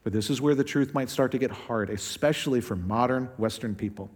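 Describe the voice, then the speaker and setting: A male pastor preaching a sermon in a conversational way, acting out quotes with shifting pitch and pace. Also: brisk, breathy edge, big-room sound.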